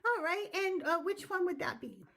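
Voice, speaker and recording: High-voiced woman hosting a chatty livestream. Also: very animated, moderate pace, gravelly, fairly bright tone. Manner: bubbly, laughs often, swears casually. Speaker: podcast host. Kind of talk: casual debate livestream.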